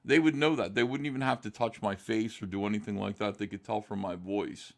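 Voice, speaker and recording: A man's voice: fairly low pitch, steady tone, fairly quick, creaky. A man as a guest on a talk show, joking and provocative, rambling with restarts over a video call. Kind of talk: casual chat.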